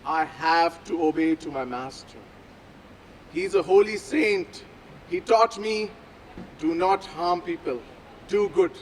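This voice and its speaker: A man voicing a male cobra snake in a told story, speaking in loud, hurried threats. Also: a little high, sing-song, long reverb tail, slight background noise, heavily acted, low-quality recording. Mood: resolute.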